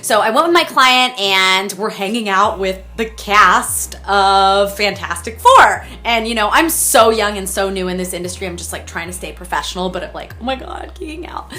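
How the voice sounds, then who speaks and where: A woman in her thirties telling stories to camera in a casual vlog, chatty and animated, full of fillers and acted-out exclamations. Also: medium pitch, moderate pace, few pauses, soft background music. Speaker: celebrity wardrobe stylist telling stories.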